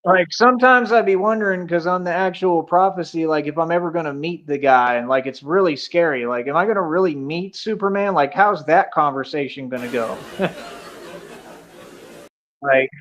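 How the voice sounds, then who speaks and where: A man's voice: fairly high pitch, normal speed, a bit bright, highs cut off. A man streaming casually, rambling and joking, laughing often and filling with "like". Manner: joking, boastful.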